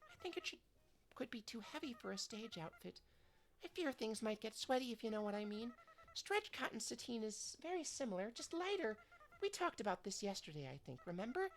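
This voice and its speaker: Woman doing a soft, gushing girl designer. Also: a little high, pitched above the performer's own voice. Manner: soft, gushing and sprinkled with Japanese words. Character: sweet, doting young woman designer with Japanese flavor.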